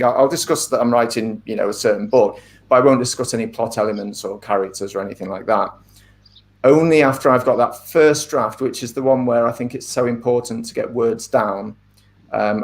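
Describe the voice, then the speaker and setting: A middle-aged man talks through his craft in a casual interview. His delivery is thoughtful and measured, sprinkled with ums and side remarks. His voice sits at an everyday middle pitch. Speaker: author being interviewed.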